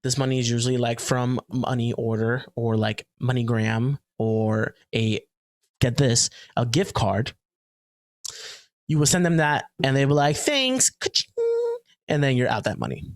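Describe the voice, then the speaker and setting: A man's voice: medium pitch, steady tone, normal speed, dry recording. A man co-hosting a podcast in a casual, chatty way, joking around and using plenty of fillers and restarts. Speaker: podcast co-host. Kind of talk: casual chat.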